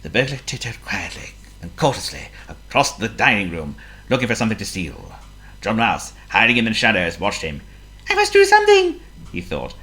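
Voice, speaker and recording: A woman reading a children's story aloud, expressive and playful, asking the listener questions. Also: rumbling low, fairly quick.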